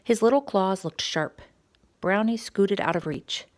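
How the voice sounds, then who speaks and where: A woman reading a quiet story time picture book aloud for young children, gentle and expressive. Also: medium pitch, unhurried.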